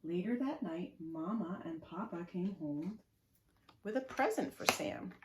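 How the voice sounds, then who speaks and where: A woman reading a picture story aloud to preschoolers at a library, in a sing-song, animated way that invites the children to join in. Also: on the low side, a little slow, roomy sound, background noise. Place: library room.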